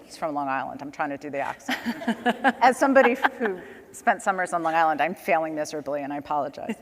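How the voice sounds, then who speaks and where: On a conference stage, a communications director speaks as a panel guest, a chatty storyteller who laughs between her points. She has a low, animated voice and a quick pace, and the sound carries the feel of a big room.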